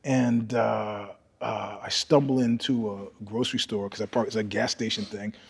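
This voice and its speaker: Husky man telling stories, roomy reverb. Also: on the low side, moderate pace. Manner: animated storyteller, swings from loud bursts to hushed asides. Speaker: podcast guest. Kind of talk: storytelling in casual conversation. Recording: long reverb.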